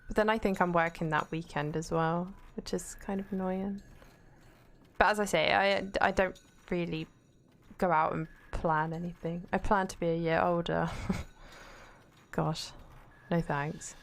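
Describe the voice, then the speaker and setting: A woman's voice: lowish voice, steady tone, measured pace, pauses often. Swearing woman streaming a game. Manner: chatty and swears freely, reads chat aloud. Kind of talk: casual chat while playing a game.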